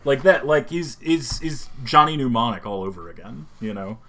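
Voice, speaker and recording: A man co-hosting a casual streamed podcast, rambling and animated, often slipping into quick voice impressions. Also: mid-range voice. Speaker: podcast co-host. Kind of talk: casual chat. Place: home streaming setup.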